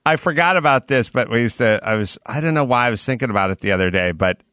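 A man hosting a casual comedy talk show, telling lively anecdotes and mimicking people. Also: mid-range voice, fast, dry recording, clean studio sound. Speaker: host.

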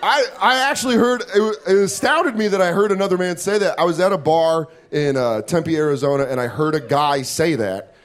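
A man doing a stand-up comedy set on a club stage, profane and self-mocking, slipping into quick put-on voices. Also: fairly high pitch.

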